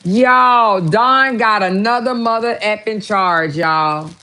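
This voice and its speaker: A woman vlogger in casual reaction mode, talking to her viewers at a slow, drawn-out pace. She is loud with exclamations and swears freely, with her voice sitting in an ordinary middle register. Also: medium pitch, low-quality recording. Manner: profane, exclamatory, talks to viewers. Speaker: vlogger host.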